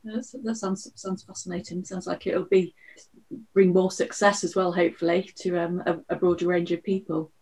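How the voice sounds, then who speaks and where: Give the voice of a woman hosting a podcast, pitched a little low. She asks her questions softly and tentatively, pausing and hesitating as she goes. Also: level tone, breathy edge, poor audio. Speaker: podcast host.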